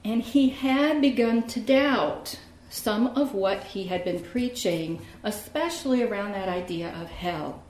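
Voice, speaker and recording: A woman narrating a true story in a measured, grave way, often dropping low at the end of phrases. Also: a little mellow. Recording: roomy echo.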